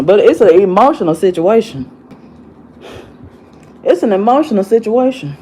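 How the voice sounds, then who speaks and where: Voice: medium pitch, expressive, normal speed, background noise. A vlogger, tired and upset, ranting angrily in an agitated way and repeating phrases over and over. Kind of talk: angry vlog rant.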